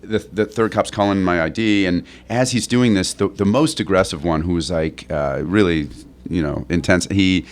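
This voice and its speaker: A middle-aged man with a fairly low voice tells a long anecdote in a loose, rambling way. He stops and restarts often, laughs along, and jumps up in pitch whenever he quotes someone else. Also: moderate pace. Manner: acts out others' lines in a raised voice. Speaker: interview guest, actor. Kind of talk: casual anecdote telling.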